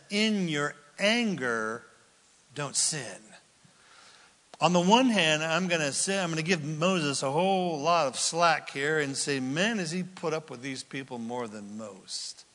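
A man preaching a sermon in a lively, theatrical way, acting out the quotes he reads. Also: on the high side. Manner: animated preaching, acts out quotes loudly. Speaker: pastor. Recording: long hall reverb.

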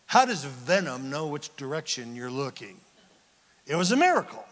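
Animated high-voiced man preaching in a hall. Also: normal speed. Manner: animated, acts out Bible scenes with casual voices. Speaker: pastor. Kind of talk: sermon.

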